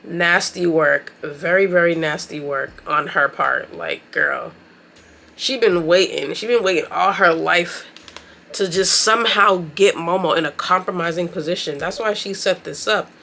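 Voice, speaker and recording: Woman vlogger, bright and forceful tone, casual slangy recap talk over a makeup session. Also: on the low side, unhurried, vocal fry, slight background noise. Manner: chatty, slangy, expressive. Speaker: beauty and anime vlogger. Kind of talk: casual recap commentary while doing makeup.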